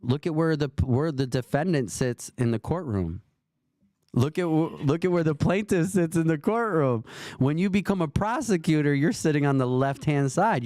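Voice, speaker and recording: A man's voice: mid-range voice, darkish tone, no room sound. A man in his forties telling a rambling, earnest faith story in casual conversation as a host. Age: 40s.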